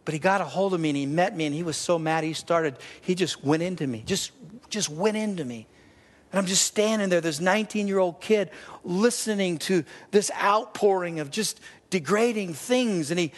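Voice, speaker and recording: A middle-aged man preaching a sermon, telling a personal story and swinging between loud and hushed. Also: high voice. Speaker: pastor. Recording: reverberant hall.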